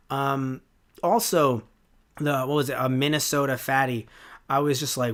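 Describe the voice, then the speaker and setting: A young man, in his twenties, reviews something casually on his podcast with a steady tone, measured pace and medium, a bit bright pitch. The delivery wanders, sarcastic and cluttered with fillers, restarts and self-corrections.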